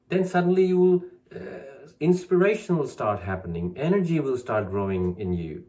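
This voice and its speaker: A man's voice: mid-range voice, sing-song, moderate pace, mellow. A man hosting a spiritual talk, encouraging listeners and repeating affirmations with growing emphasis. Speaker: channel host teaching spiritual practice.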